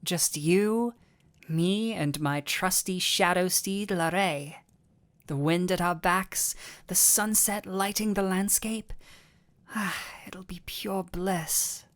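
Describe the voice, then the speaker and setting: A woman's voice: on the low side, takes it slowly. A woman voicing a doting headless dullahan boyfriend. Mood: affectionate. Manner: tender, giddy and affectionate, playful self-teasing. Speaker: voice actor. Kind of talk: audio role-play for a listener.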